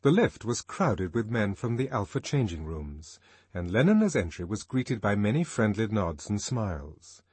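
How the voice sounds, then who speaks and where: A man reading a novel aloud as audiobook narrator, in an expressive, varied manner. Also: lowish voice, normal speed, husky, no room sound.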